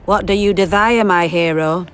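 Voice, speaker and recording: A woman's voice: fairly low pitch, moderate pace, soft background music, lightly acted. Woman voicing a crude, brash camp prostitute. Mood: seductive. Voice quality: slight lisp. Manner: crude, blunt and mocking. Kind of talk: video game voice acting.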